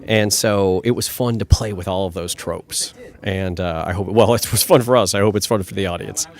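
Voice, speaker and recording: A man's voice: low-pitched, normal speed. A man, a screenwriter, answering red carpet questions with enthusiasm, thinking aloud and restarting his sentences.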